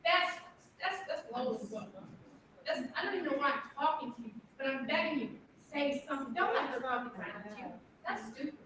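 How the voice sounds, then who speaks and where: Scolding high-voiced woman in an echoing hall. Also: expressive, brisk, noisy background. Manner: confrontational, scolding, mocking. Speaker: public commenter at a township meeting. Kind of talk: angry public comment. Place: township board meeting room. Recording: echoey hall from far off.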